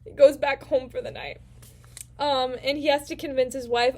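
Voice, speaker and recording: A woman's voice: sits high, fairly even intonation, moderate pace. A woman casually recapping a book as a vlog host, playful and rambling with slang. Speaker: book vlogger.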